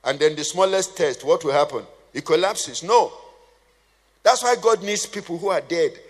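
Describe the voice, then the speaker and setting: A man's voice: on the high side, expressive, normal speed. A man preaching a sermon, conversational and humorous, quizzing his congregation with questions. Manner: humorous asides. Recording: long hall reverb.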